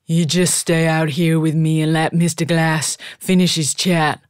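A woman reading an audiobook, voicing a gruff, booming, lower-class giant of a man. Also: level tone, unhurried, dry recording, studio quality. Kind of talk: audiobook narration.

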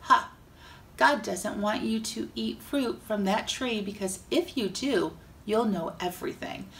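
A clever, sly serpent from a children's Bible story hisses softly, up to no good, as a woman voices it. The voice has a slight gravelly edge. It is recorded a little away from the mic. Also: medium pitch, unhurried, far from the mic. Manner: soft, sly hiss. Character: sly hissing serpent in a garden.

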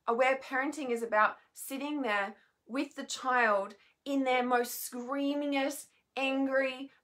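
A tired woman venting at home from her bed, with a slightly high voice. Her talk is raw and restless, full of swearing, trailing off and restarting. She sounds emotionally worn. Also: a bit bright. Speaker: healer and mentor vlogger. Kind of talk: emotional unscripted monologue.

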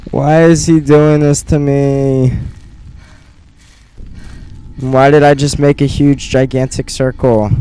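A young man giving nervous let's play commentary on a horror game, muttering to himself and bursting into panicked yelps, recorded on a gaming headset in a dark room. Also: on the high side, fairly even intonation, slow pace, pauses often. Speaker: gamer.

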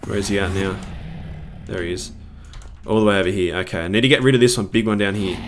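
A man's voice: lowish voice, steady tone, fast, noisy background. A man commentating his own gameplay live, swinging between panic and cheering. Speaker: gaming video creator.

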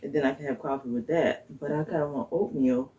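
A woman's voice: rumbling low, brisk, mellow, muffled recording. A woman chatting casually to her viewers in her home kitchen, rambling as she thinks aloud and chuckling often. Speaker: vlogger. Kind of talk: casual vlog chat to viewers.

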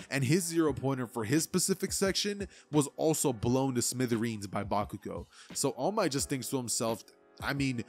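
A young man narrating a fan-made anime what-if story in a casual, rambling way. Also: medium pitch.

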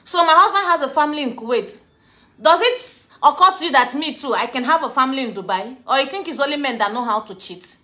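A woman chatting to her followers in a casual vlog, laughing often and ranting with animated energy. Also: high-pitched, fast. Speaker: vlogger.

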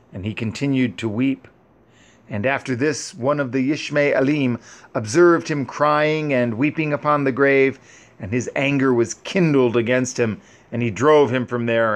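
A man reads an old scripture story aloud in a solemn, measured voice. His pace is very unhurried, each phrase set apart. His pitch sits at an ordinary middle. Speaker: reader.

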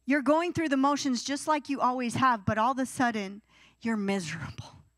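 A young woman preaching to a youth service with a voice a little higher than most. She talks in an animated way and breaks into whiny teenage voices to act out her points. The sound is dry and close, with no room echo. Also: moderate pace. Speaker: youth pastor. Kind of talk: sermon.

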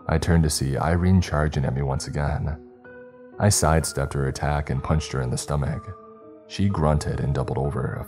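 A man narrating a horror story in a grim, even, scripted manner. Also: very deep voice. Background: faint background music.

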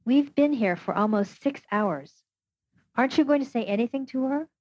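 Brief: a woman voicing an impatient, urgent female doctor in an audiobook, a little raised and quick, muffled dry sound. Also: a little high, expressive, darkish tone, dry recording, voice pushed up.

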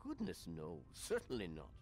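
A man's voice: fairly low pitch, wildly swooping pitch, slow pace, darkish tone, faint music behind, exaggerated voice. An actor playing a proud, cold male overseer in a video game, formal and dismissive.

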